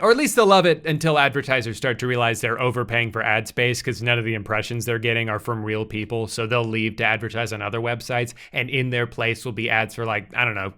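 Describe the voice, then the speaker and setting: A man doing comedic commentary, sarcastic with deadpan asides. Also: mid-range voice. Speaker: YouTube commentator.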